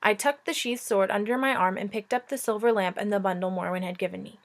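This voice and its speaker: A woman teacher reading a chapter book aloud in a relaxed, informal way. She breaks off now and then for casual asides and jokes. Everyday, unpolished delivery. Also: medium pitch, quick pace. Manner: informal, joking, breaks off to chat.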